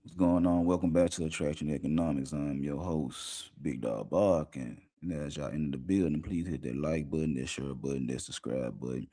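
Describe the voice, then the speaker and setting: A man hosting a casual livestream show, rambling and slangy, talking a lot while high. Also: normal speed, hardly any pauses, mellow. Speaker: podcast host.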